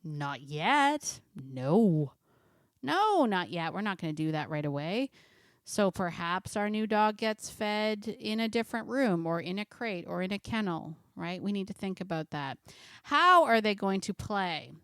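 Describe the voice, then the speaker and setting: A middle-aged woman dog trainer giving a casual, lively lesson full of rhetorical questions. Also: medium pitch, unhurried, clear, resonant tone, dry recording, clean studio sound. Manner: lively, conversational, asks many rhetorical questions. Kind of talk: casual instructional talk to camera.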